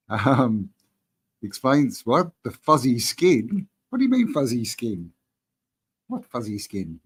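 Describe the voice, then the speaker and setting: A man hosts a casual live chat, speaking at an ordinary middle pitch. He talks in a loose, meandering way and drops in plenty of fillers. He addresses viewers as man and bro. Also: slow pace, breathy edge. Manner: relaxed, rambling, says man and bro. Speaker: channel host answering live chat.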